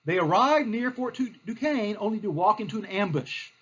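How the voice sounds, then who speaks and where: A male history teacher telling a lesson as a playful, animated story, with lots of fillers. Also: sits high, moderate pace, husky, muffled recording.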